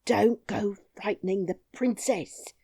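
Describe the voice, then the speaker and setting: A woman's voice: medium pitch, takes it slowly, creaky, dark tone, breathy edge, voice pushed up, heavily acted. A woman voicing a fussy, fretful nursemaid who scolds indignantly and near tears.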